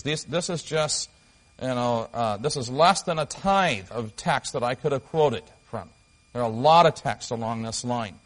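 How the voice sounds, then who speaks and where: A male pastor delivering a sermon in a voice a little higher than most men's. He speaks earnestly, leaning hard on key phrases, and pauses and restarts as he reads and explains passages. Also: rough recording.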